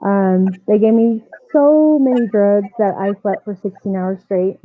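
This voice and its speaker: A woman softball coach telling her own story as a guest, lively and acting out the voices of people she quotes. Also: medium pitch, measured pace, no room sound. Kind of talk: personal storytelling in an interview. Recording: tinny phone-line sound, dry.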